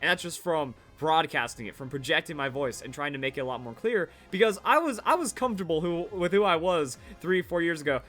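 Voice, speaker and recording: A man's voice: a little high, lively intonation, brisk, fairly bright tone, faint music behind. A man in his twenties chatting casually over his old videos, rambling and repeating himself with verbal tics. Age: 20s. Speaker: Pokemon YouTuber.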